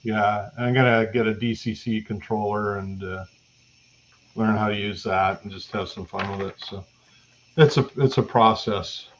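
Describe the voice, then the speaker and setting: A man's voice: fairly low pitch, fairly even intonation, unhurried, highs cut off, a little hiss or hum. A Canadian man chatting casually on a livestream podcast, rambling with many restarts. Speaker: podcast co-host. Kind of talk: casual chat.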